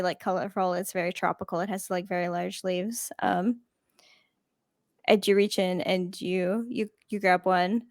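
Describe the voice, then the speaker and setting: A woman's voice: medium pitch, no room sound, clean studio sound. Casual rambling woman game master. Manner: casual, rambling, many fillers. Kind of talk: narrating a tabletop game.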